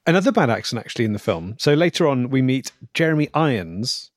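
Wry podcast co-host. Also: male voice, mid-range voice, big pitch swings, quick pace, no echo, studio quality. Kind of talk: casual film review chat.

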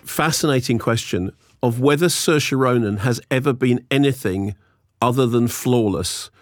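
A man's voice: mid-range voice, moderate pace, no echo, studio quality. A British man co-hosting a podcast, chatting casually about films and telling stories with acted-out quotes. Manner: animated storytelling, acts out quoted voices. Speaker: podcast co-host. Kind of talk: casual film chat.

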